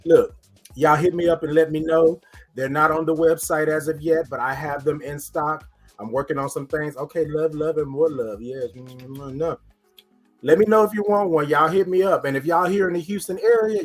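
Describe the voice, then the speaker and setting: A man hosts a casual morning livestream, upbeat and chatty as he greets viewers by name. His voice sits a little high and has a husky edge. Faint music plays underneath. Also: moderate pace. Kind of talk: casual live-stream talk to viewers.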